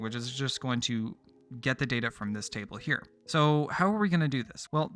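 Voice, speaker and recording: A man hosting a coding tutorial, calmly explaining his code step by step with casual fillers. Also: medium pitch. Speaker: tutorial host. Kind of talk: screen-recorded coding tutorial.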